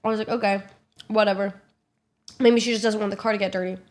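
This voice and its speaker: A young woman streamer telling a story in a casual vlog, quick and animated, full of fillers and swearing, acting out what others said. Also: mid-range voice. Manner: animated, swearing, filler-heavy, acts out quotes.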